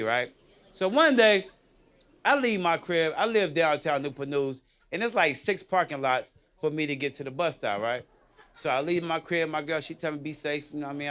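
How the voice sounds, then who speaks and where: A man working a comedy club stage with a high, bouncy voice that swings all over as he tells his stories. He keeps checking in with the crowd and chuckles at his own punchlines. His tone is bright and ringing. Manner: animated, chatty, keeps asking the crowd "you know what I mean". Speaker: stand-up comedian. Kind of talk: live stand-up storytelling.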